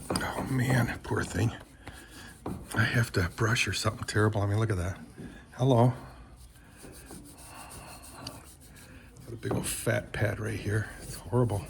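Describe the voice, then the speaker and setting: A man's voice: on the low side, creaky, slight background noise. An older man from Michigan chatting in a meandering vlog, full of fillers, talking to his animals around the house and horse stalls, recorded on a handheld phone. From Michigan, USA. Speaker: vlogger. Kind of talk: rambling casual vlog.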